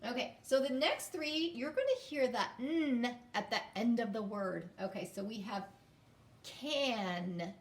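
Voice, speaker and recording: A woman teaching a phonics lesson to young children, sounding words out slowly and inviting them to repeat after her. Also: a little high, reverberant, distant mic. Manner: slow, drawn-out sounding out of words.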